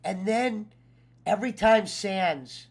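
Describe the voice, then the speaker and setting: A man hosting a casual podcast chat, animated and laughing, stumbling over his words as he tells stories. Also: high voice, takes it slowly. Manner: animated, laughing, swearing, repeats himself. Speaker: podcast host.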